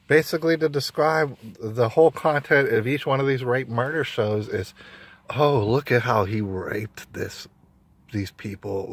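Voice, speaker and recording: A man's voice: medium pitch, dry recording. Emphatic man ranting in a dry room. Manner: emphatic, repeats himself, frequent restarts. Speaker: vlogger. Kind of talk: opinionated monologue.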